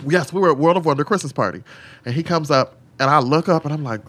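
A man who is a drag queen, talking frankly and sassily on a podcast and telling animated stories. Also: fast, breathy edge. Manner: animated storyteller, swings into high mimicking voices and whispers; sassy, frank, swears freely. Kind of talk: casual podcast chat.

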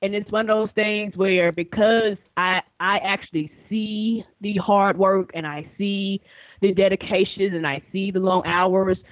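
A man chatting casually as a guest, heard over a thin, phone-like line with no room sound. His voice sits a little high for a man, and he rambles, stumbling over repeated words and swearing easily. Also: steady tone, measured pace, dry recording. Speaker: podcast guest. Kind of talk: casual chat.

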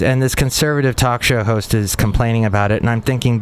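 A man's voice: on the low side, fairly even intonation, quick pace, few pauses, smooth. A middle-aged man hosting a casual podcast, chatting wryly about the news. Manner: wry, chatty commentary on news. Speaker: podcast host. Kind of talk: casual solo podcast talk.

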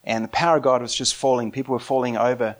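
A man preaching and telling a story with excitement. He laughs often and swings between quiet and loud. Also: mid-range voice, quick pace. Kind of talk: animated storytelling sermon.

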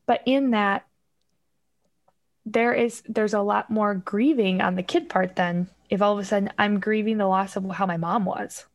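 A woman's voice: mid-range voice, steady tone, normal speed. A middle-aged woman talking as a podcast guest, explaining parenting and emotions in a reflective way and acting out examples. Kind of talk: casual podcast conversation.

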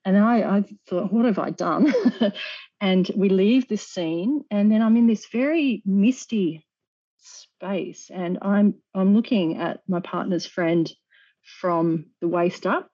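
A woman earnestly recounts a personal experience as a guest, often restarting her sentences and slipping in small nervous laughs. Her voice is mellow and soft-edged. The recording is dull and lo-fi. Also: medium pitch, takes it slowly.

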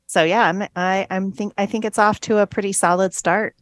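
A woman's voice: mid-range voice, fairly even intonation, a little fast. A woman co-hosting a casual podcast, chatty and enthusiastic about the new season. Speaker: podcast co-host.

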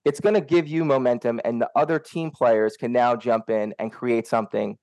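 An earnest young man gives a coaching talk on workplace attitude to his team, often tossing in a quick "right?" to check they follow. His voice sits at an ordinary middle pitch. The sound is dry and close, with no room echo. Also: fairly even intonation, darkish tone. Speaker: SEO team lead.

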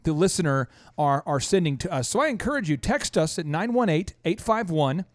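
High-voiced, energetic male show host. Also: dry recording, studio quality. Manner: energetic, animated storyteller with quick restarts. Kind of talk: upbeat radio-style show hosting.

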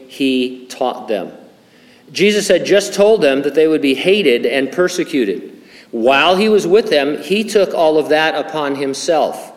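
Older man preaching in an echoey hall. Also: fairly high pitch. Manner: conversational, many fillers and restarts, wry humor. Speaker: pastor. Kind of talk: sermon with Bible teaching.

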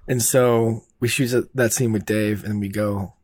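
A man tells a production story in a loose, rambling way, with fillers and casual swearing. His voice sits a little low. The recording is dry and close, with no room sound. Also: steady tone, a little slow, a little mellow, dry recording. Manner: rambling, laid-back, heavy on fillers and swearing. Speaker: filmmaker telling a production story.

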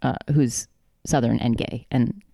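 A woman's voice: a bass voice, fairly even intonation, unhurried, creaky, mellow, dry recording, clean studio sound. Giggly woman reading her draft. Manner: giggly, reads in first person. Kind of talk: reading aloud and casual chat. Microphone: video call.

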